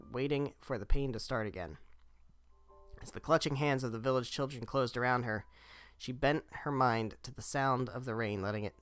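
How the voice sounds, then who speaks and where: A man's voice: mid-range voice, a bit bright, dry recording. A young adult man streaming a game, reading its text aloud with blunt, reactive asides. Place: home streaming setup.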